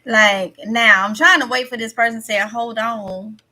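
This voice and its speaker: A woman's voice: fairly high pitch, brisk, pushed and bright. A woman with a Mississippi Southern accent hosting a casual livestream, chatting to viewers, answering their comments and repeating her points to drive them home. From Mississippi, USA. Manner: chatty, repeats herself, talks straight to viewers. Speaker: livestream host.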